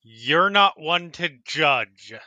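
Bright-voiced man running a tabletop game. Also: a little high, expressive, very slow, no room sound, dull audio. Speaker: dungeon master.

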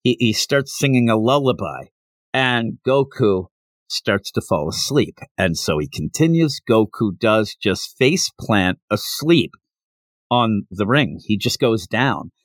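A man casually retelling a comic chapter for his podcast. His pitch leaps around as he gets animated, and the recording is close and dry with no room sound. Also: takes it slowly, dry recording. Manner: animated retelling with bursts of put-on character voices. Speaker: podcast host. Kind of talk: casual manga recap.

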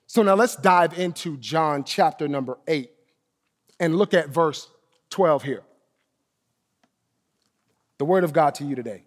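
High-voiced preacher in an echoing hall. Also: male voice, unhurried, long pauses. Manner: emphatic preaching, repeats key phrases, drops to soft low endings. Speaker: pastor. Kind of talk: sermon.

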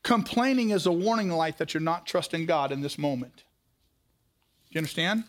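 A man's voice: a little high, animated, normal speed. A man preaching a sermon as pastor, telling stories and putting direct questions to his listeners.

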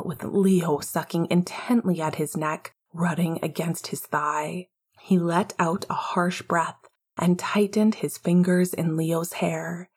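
A woman narrating an audiobook in a hushed, intimate way, often half-whispering. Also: lowish voice, slightly rough.

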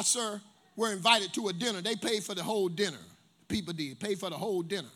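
High, bright-voiced preacher man. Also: fast. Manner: animated preacher, storytelling with call-and-response. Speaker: pastor. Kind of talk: sermon.

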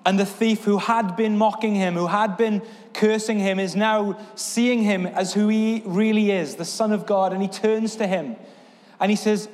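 A man's voice: high-pitched, fairly even intonation, a little slow, long reverb tail. A man preaching a sermon as pastor, earnest, with a repetitive, building cadence. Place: church sanctuary.

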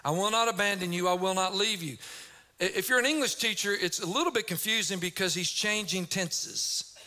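A middle-aged male pastor delivers an energetic sermon. His voice sits high and rings bright, rising to emphatic shouts as he drives his points home. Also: a little fast.

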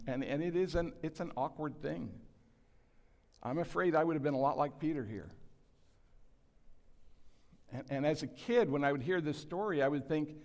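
A man in his sixties preaching a sermon to a large congregation, earnest and self-deprecating, acting out the quotes he reads. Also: mid-range voice. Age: 60s. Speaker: pastor. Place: church hall with a large congregation. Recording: long hall reverb.

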